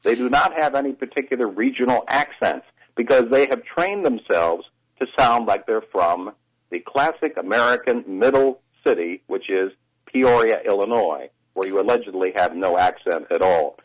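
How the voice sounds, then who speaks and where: A man who coaches voices, explaining things in a lively, teacherly way as a guest on a radio talk show, heard over a phone line. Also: mid-range voice, moderate pace.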